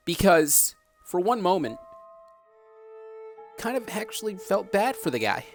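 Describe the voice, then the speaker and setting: A man's voice: on the high side, expressive, moderate pace, soft background music. A man hosting a dramatic commentary vlog, talking emphatically, repeating himself and asking rhetorical questions. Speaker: host.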